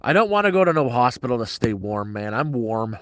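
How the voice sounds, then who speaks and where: A man's voice: mid-range voice, big pitch swings, fairly quick, no room sound. A middle-aged man telling a story on a casual livestream in a blunt, heavily profane, agitated way.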